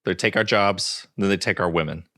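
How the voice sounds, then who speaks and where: A man with a lowish voice loosely retells a film's plot on a podcast, slipping in laughs and fillers. It sounds dry and close to the mic. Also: a little fast, pushed and bright, no echo. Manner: loose, laughs while recapping. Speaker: podcast co-host. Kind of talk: casual film recap.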